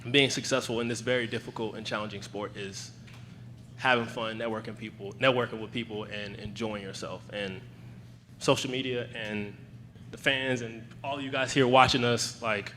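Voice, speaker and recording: A man's voice: on the low side, steady tone, normal speed, bright, forceful tone, slight background noise. A young man, a hurdler, answering at a press conference in a laid-back, joking, slangy way.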